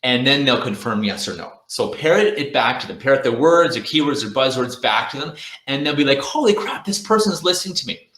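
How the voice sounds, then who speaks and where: A man's voice: mid-range voice, pushed and bright, reverberant. A man giving a sales training talk at a virtual conference, coaching the audience directly and acting out inner thoughts in quoted voices.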